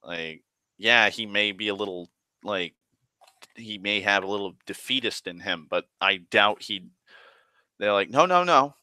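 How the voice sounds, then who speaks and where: A man rambling through a tabletop game story, slow and low-pitched, with a bright edge to his voice. He stumbles over restarts and swears casually. The sound is close and dry. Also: fairly even intonation, no room sound. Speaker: player.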